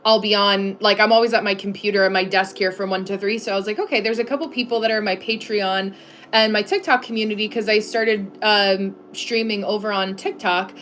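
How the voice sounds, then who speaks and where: A woman's voice: mid-range voice, steady tone, fairly quick, a bit bright, a little hiss or hum. A woman from the United States hosting a casual live stream from her home desk, chatting loosely with viewers, full of "like" fillers and frequent laughs. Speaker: livestream host.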